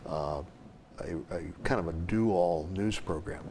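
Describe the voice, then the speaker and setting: Older male talk show host, deep voice. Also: slow, darkish tone, a little hiss or hum. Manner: frequent fillers, short agreeing interjections.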